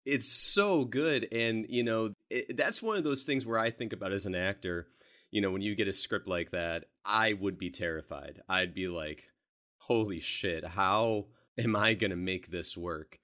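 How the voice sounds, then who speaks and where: A man's voice: lowish voice, moderate pace, sharp tone. A man co-hosting a casual movie podcast, telling stories animatedly and laughing along the way. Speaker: podcast co-host. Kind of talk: casual film discussion.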